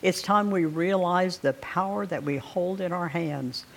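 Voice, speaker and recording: A man preaching a sermon, reading scripture aloud slowly and deliberately, with pauses to clear his throat. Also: sits high, fairly bright tone, slight background noise.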